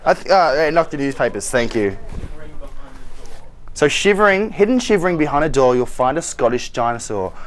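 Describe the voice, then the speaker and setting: A young man hosts a scavenger hunt through a TV studio and its offices, teasing his co-host, laughing often and shouting jokey orders in playful banter. His voice is on the high side, very animated and at normal speed.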